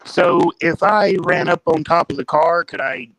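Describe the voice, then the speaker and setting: A man's voice: a little high, a little slow, a bit bright, dry recording. A man playing a tabletop game, speaking in an eager, playful way. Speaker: player.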